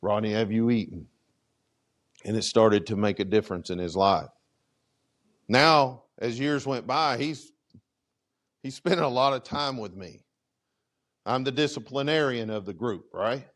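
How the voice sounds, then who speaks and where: A man's voice: a little slow, pauses often. A middle-aged man, a fire chief, telling a story to a conference audience in a casual, conversational way. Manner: animated, conversational, acts out dialogue with big pitch swings. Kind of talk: storytelling keynote talk. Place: conference presentation room.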